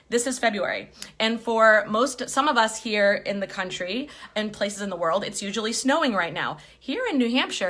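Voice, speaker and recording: Animated chatty woman in her forties. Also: fairly high pitch. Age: 40s. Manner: chatty and animated, greets viewers by name, swears casually. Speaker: spiritual life coach. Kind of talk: casual livestream chat.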